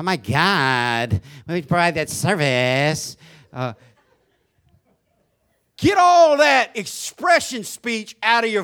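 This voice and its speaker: A man preaches a sermon in church, and his voice sits high for a man. The tone is bright and forceful. He drops to quiet, conversational asides, then climbs into loud, excited praise. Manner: preaching, swinging from soft asides to shouted praise. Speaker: pastor. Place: church sanctuary.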